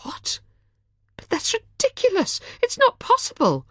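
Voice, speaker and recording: A woman's voice: mid-range voice, very animated, normal speed, husky, no room sound, voice pushed up. A woman voicing an anxious, caring young woman in an audiobook, with urgent, rising questions in a raised voice. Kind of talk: audiobook character voice.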